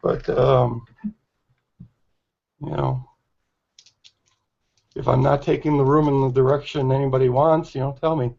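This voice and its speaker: A man who is losing his voice, talking in a halting way with many fillers and restarts in a casual online group discussion. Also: medium pitch, steady tone, gravelly. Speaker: regular hangout participant. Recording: dull lo-fi call audio.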